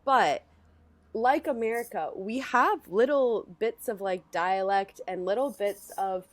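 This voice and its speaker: A woman's voice: mid-range voice, measured pace, dry recording. A young woman with a Canadian accent hosting a podcast, giggly and rambling in casual chat. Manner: giggly, rambling with many likes. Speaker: podcast host.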